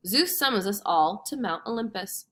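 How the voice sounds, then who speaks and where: A woman voicing a quick, slender male messenger god who speaks briskly and cheerfully, in a storybook read-aloud. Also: medium pitch, lively intonation, fairly bright tone, natural voice. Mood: calm.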